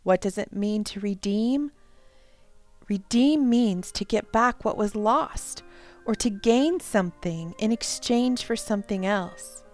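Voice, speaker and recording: A woman telling a Bible story as a devotional storyteller, with a gentle, expressive and emphatic delivery. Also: medium pitch, takes it slowly, faint music behind.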